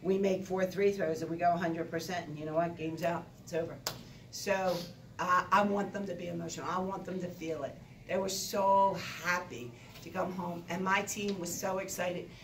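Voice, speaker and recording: An older woman, a basketball coach, talking in an animated, rambling way at a postgame press conference. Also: fairly low pitch, normal speed, a little hiss or hum. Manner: animated, talkative, rambling with restarts. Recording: echoey room, distant mic, faint ambience.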